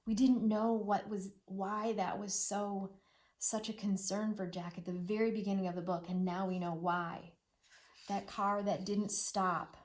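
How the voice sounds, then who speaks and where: A middle-aged woman teacher leads a read-aloud lesson for children in a voice of ordinary pitch. She speaks expressively and echoes words in rhythmic repetition. At sad passages she sinks to a hushed near-whisper. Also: little pitch movement, measured pace. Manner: repeats words rhythmically, echoing the poems.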